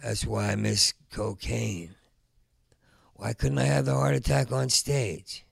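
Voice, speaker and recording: A man doing a rambling stand-up comedy set, stuttering through restarts and breaking into loud rants. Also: mid-range voice, takes it slowly, gravelly, husky, no room sound, clean studio sound.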